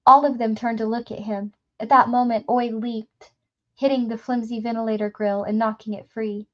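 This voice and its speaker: Brief: woman reader, fairly high voice, steady novel narration, muffled lo-fi recording. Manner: steady storytelling with occasional slips. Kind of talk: reading a novel aloud.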